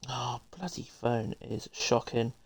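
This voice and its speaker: British guy hosting a racing stream, loose banter, greeting everyone, middle pitch. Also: slow, vocal fry, breathy edge. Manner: chatty, banters with viewers, greets people constantly. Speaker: stream host and commentator. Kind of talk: casual pre-show chat on a live stream.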